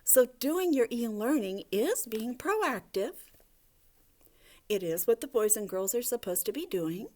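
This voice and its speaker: A woman teacher giving a gentle, coaxing video lesson to young children, talking to a puppet. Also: fairly high pitch, animated, a little slow. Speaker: elementary school teacher.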